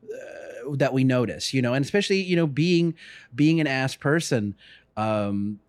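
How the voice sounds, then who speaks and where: A man's voice: medium pitch, animated, a little slow, no room sound. A man hosting a podcast, asking questions and reassuring his guest in a thoughtful, hesitant way. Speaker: podcast host. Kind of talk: casual podcast chat.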